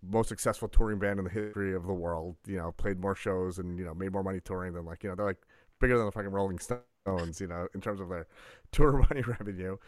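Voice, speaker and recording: A man with a lowish, slightly bright voice hosts a podcast, recorded in clean studio sound with no room echo. In this casual interview, he asks long, rambling questions packed with fillers.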